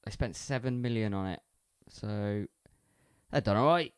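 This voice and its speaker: A man's voice: on the low side, measured pace, clean tone, no room sound, studio quality. A man co-hosting a casual film podcast, chatty and upbeat. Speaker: podcast co-host. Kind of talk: casual chat.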